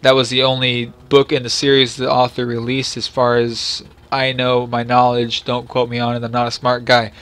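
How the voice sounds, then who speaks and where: A man's voice: mid-range voice, completely flat delivery, moderate pace, hardly any pauses, fairly bright tone, smooth. A man hosting a casual, unscripted game review, rambling and apologetic, with lots of fillers and restarts. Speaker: game reviewer, channel host.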